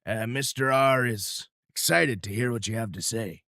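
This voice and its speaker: A man voicing a squat, hunched henchman with a hook for a hand, speaking in a gruff, low, subdued way. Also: moderate pace, pushed and bright, dry recording, studio quality.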